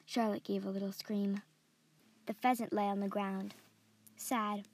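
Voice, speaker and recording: A woman reading a story aloud in a steady, descriptive way as a podcast host. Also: mid-range voice, unhurried. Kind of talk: scripted story narration.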